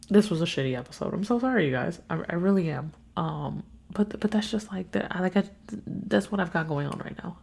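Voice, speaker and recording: A woman's voice: lowish voice, animated, moderate pace, gravelly, slightly rough. A young woman hosting a solo podcast, sick and worn out, talking frankly and with plenty of swearing. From New York. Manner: weary, frank and profane. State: sick, congested. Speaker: podcast host. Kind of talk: casual solo podcast venting.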